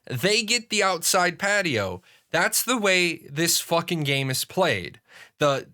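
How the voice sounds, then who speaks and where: Middle-aged male streamer, bright forceful tone, a bit high, swears freely while telling stories. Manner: profane, animated storytelling with restarts. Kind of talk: casual storytelling on a livestream.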